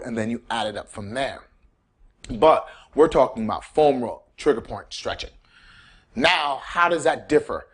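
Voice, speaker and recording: Guy coaching on pain self-care, animated and repetitive, normal mid voice. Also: mid-range voice. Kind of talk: casual instructional talk.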